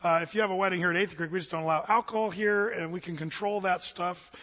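Guy pastor preaching, high bright voice, telling stories all animated, long echo from a big church hall. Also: fast talker. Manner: storytelling, animated and confessional. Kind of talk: sermon. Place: church sanctuary. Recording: dull sound in a large reverberant hall.

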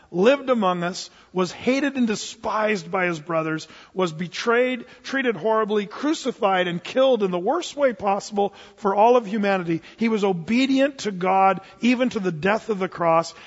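A man's voice: high voice, lively intonation, moderate pace. A man preaching a sermon, telling a story and acting out both sides of a dialogue. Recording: dull lo-fi sound with long hall reverb.

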